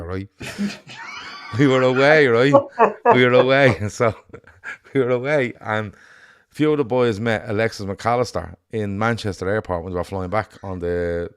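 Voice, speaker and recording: A man with an Irish accent co-hosting a casual football chat, blunt and sweary in an animated rant. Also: on the low side, moderate pace, smooth. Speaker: podcast co-host.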